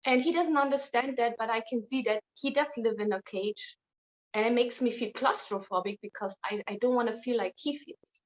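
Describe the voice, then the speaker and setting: A woman's voice: on the high side, normal speed. A woman speaking as an interview guest, blunt and outspoken in casual conversation. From Germany. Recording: dull lo-fi sound.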